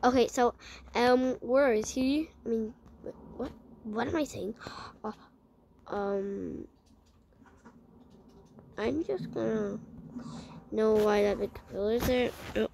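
A woman playing a game and chatting to viewers, excitable and talking to herself, often dropping to a hushed whisper. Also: a little high, slow pace, gravelly, long pauses, a little hiss or hum. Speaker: gaming vlogger.

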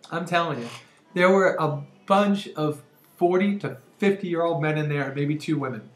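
A woman in her forties talking energetically and chattily to camera at home, laughing often. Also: low-pitched. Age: 40s. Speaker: vlogger. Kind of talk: casual vlog monologue. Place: room at home. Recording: roomy echo.

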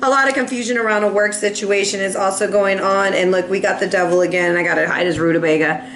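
A woman's voice: mid-range voice, steady tone, quick pace, fairly bright tone, roomy sound, slight background noise. A woman giving a casual, playful tarot reading, laughing often and acting out little voices, with a cough now and then. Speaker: tarot reader.

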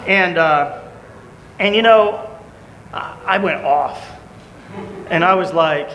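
Male preacher, bright high voice, echoey church sound. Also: takes it slowly, pauses often. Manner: animated storytelling, shouting in acted quotes. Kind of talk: sermon. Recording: echoey church hall, faint room noise.

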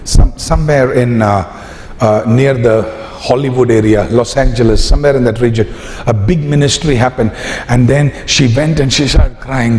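A man's voice: medium pitch, expressive, normal speed, a little mellow. A man preaching a sermon and acting out the story's dialogue. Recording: echoey hall with faint noise.

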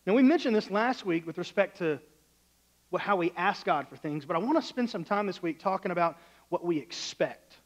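A man's voice: sits high, lively intonation, brisk, rough recording. A male pastor preaching a sermon in a church, loose and conversational, acting out the voices in his stories.

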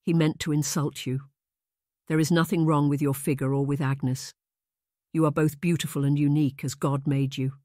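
A narrator voicing an earnest young lady with a raised, bright voice, sounding close and dry. She is gentle but quick to protest, read as an audiobook character. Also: medium pitch, flat delivery, no echo, close to an everyday voice.

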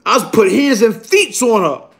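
A man telling a rough, profane story in a casual, animated way, punctuated by "you heard?". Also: sits high, normal speed. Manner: animated, repeats "you heard?", bursts into shouting.

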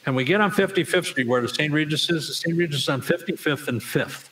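A man's voice: fast talker, low-quality recording. An older man, telling a story as a guest in an interview, acting out the people in it. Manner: animated storyteller, acts out voices with big pitch jumps. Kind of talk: storytelling anecdote.

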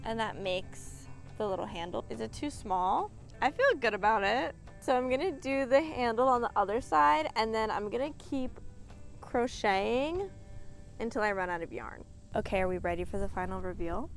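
Bubbly young woman with a gravelly edge. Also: on the high side, normal speed, soft background music. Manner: bubbly, gushing, counts stitches under her breath. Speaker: crafting vlogger. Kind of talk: casual vlog chat.

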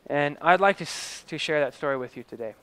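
A man's voice: a little high, animated, a little fast, sharp tone, clean tone. A man telling a story in a vivid present-tense style, swelling and dropping his voice for drama.

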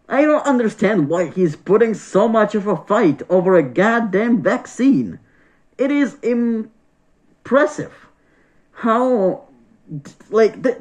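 A man with a high, slightly mellow voice vlogs a casual opinion rant, exasperated and profane, repeating himself as he goes. The sound is dull and lo-fi.

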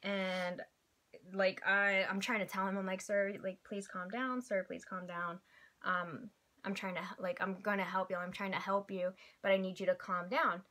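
A woman's voice: mid-range voice, moderate pace. Chatty young woman telling a story. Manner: animated, chatty, quotes people in little voices. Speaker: vlog host. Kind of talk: casual chat, storytelling.

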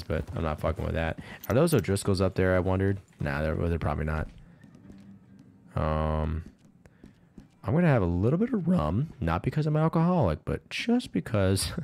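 A man streaming a game, chatting casually and rambling with lots of swearing and laughter. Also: low voice. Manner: rambling, profane, laughs often. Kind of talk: casual gameplay commentary.

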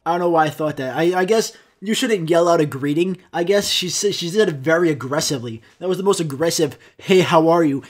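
A man's voice: fairly high pitch, lively intonation, fast talker, hardly any pauses. A man hosting a podcast, telling a comic story in a rambling, profane way and acting out the quotes. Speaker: podcast host.

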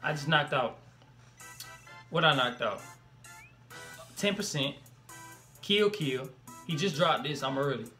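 A young man comments on a track for his reaction video, talking fast and loose in slang and breaking into exclamations. His voice sits high and sounds bright and forward. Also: faint music behind. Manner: animated, slangy, exclaims and laughs between remarks.

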